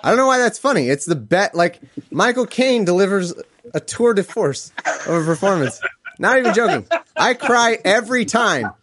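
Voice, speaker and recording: A man's voice: high voice, big pitch swings, moderate pace, a bit bright, slight background noise. A man hosting his own podcast, chatting casually with listeners, laughing often and swearing freely in a self-mocking way. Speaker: podcast host.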